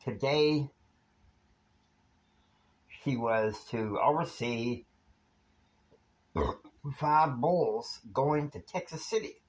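A man's voice: mid-range voice, drawn-out words, pauses often, low-quality recording. A man telling a rambling, casual story that meanders from one scene to the next, with fillers along the way. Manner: meandering, with fillers and time stamps.

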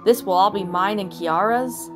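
A woman's voice: medium pitch, normal speed, natural voice. A woman voicing a protective, hot-tempered young male lion, reading his lines plainly in a storybook reading. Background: soft background music.

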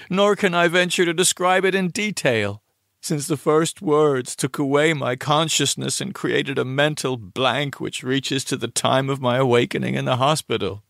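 A man reading a horror story aloud in a grave, deliberate voice with dramatic pauses. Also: a little high, vocal fry, a bit bright, no echo, studio quality. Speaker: audiobook reader. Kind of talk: scripted horror narration.

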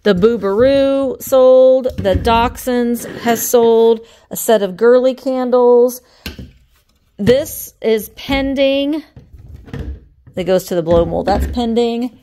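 A woman reselling antiques, chatting casually to viewers as she unboxes finds on camera, easily excited and talking to the objects. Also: on the high side, slow pace, a little hiss or hum. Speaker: antique reseller and shop owner. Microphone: camera on a tripod.

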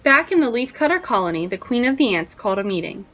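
A woman teacher reading a picture book aloud, pausing to wonder aloud to her listeners, on a dull lo-fi recording. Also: on the high side, very animated, sharp tone.

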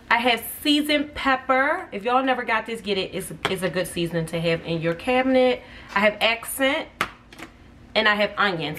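A woman chats to her viewers while she cooks in her home kitchen. Her voice sits on the higher side. She is picked up by a phone set back from her, so she sounds distant, with clear noise behind her. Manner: chatty, addresses viewers as y'all. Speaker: cooking vlogger. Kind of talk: casual cooking vlog. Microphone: phone camera set back.

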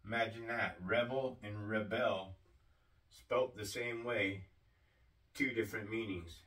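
A man preaching a sermon-style teaching, slow and deliberate, often asking his listeners questions. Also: fairly low pitch, steady tone, fairly bright tone, far from the mic, poor audio.

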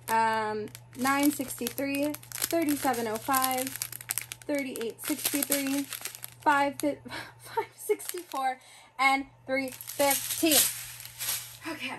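A woman's voice: high voice, steady tone, takes it slowly, background noise. A woman in her twenties, chatting casually as she unboxes a craft kit and reads out long strings of numbers. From South Florida, US. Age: 20s. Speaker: craft vlogger.

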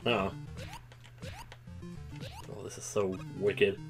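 A man giving casual, excitable commentary while playing a video game, breaking into loud outbursts. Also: deep voice, extremely slow, vocal fry, husky, faint music behind. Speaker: let's play gamer.

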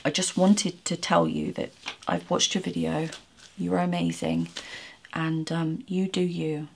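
Low, gravelly woman vlogging. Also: little pitch movement, unhurried, a little hiss or hum. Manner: earnest, reassuring, with frequent restarts. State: emotional, near tears at times. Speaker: YouTuber. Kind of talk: heartfelt direct-to-camera message.

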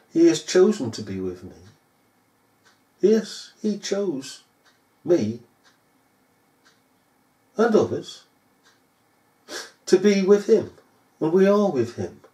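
Scornful man preaching, lively pitch. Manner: scornful and sarcastic. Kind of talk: recorded sermon. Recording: echoey room.

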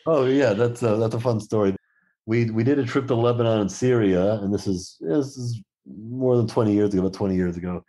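A man's voice: lowish voice, a little fast. A middle-aged man, a podcast guest, telling travel anecdotes in casual conversation and acting out the quoted exchanges. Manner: lively anecdotal storyteller who acts out quoted exchanges.

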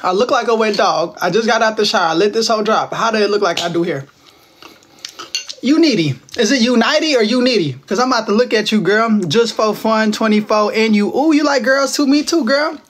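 A man's voice: sits high, animated, fairly quick, a bit bright, slight background noise. A man in his twenties from Texas, hosting a casual livestream from home on his phone, teasing viewers and answering their comments in playful slang. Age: 20s. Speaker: livestream host.

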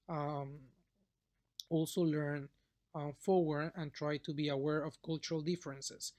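Man, fairly high voice, customer service trainer, classroom lecture, filler-heavy, checks in with "okay?". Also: darkish tone. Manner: talks straight to a class.

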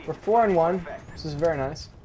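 A man's voice: on the high side, a little fast, crowd noise. Rambling young man commenting on gameplay. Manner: self-mocking, rambling, muttering asides. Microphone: desk microphone. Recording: gunfire from the game audible. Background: game gunfire.

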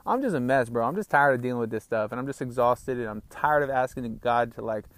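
Talking fast in an expressive, somewhat bright mid-range voice, the young host of this solo podcast rambles candidly from a little outdoor hideout in the countryside. There's no room sound; he's slightly winded and keeps addressing listeners as "bro" and "man."

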